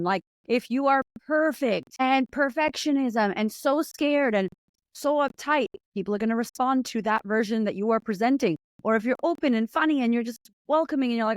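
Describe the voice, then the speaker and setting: A woman guest in an interview, a confidence coach who talks in an animated, emotional way, laughing and acting out little voices. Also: fairly high pitch, normal speed, no room sound. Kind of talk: casual conversational interview.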